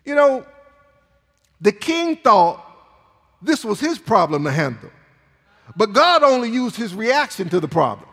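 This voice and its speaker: High, lively-voiced preacher in echoing sanctuary. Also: male voice, measured pace, pauses often. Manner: dramatic, emphatic preaching with sudden swings in volume. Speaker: pastor. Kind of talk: sermon. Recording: long reverb in a large hall.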